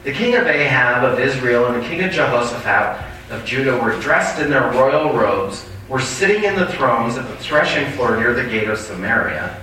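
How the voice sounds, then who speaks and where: A man's voice: medium pitch, lively intonation, normal speed, bright, forceful tone, a little hiss or hum. A male pastor preaching a sermon, reading scripture aloud and breaking off with asides to the congregation. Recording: distant mic in a very echoey hall.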